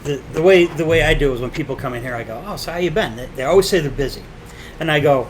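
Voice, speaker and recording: A man's voice: medium pitch, slight background noise, low-quality recording. A man from Connecticut, a supply shop owner, telling stories as a guest with acted-out quotes and frequent swearing. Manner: rapid storytelling with quoted dialogue, swearing. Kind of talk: casual chat.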